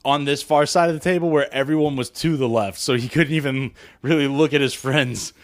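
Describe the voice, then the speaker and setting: A man's voice: fairly even intonation, fairly quick, no echo, studio quality. Swearing male podcast co-host. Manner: storytelling, swears freely, acts out quotes in squeaky voices. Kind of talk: casual crude podcast chat.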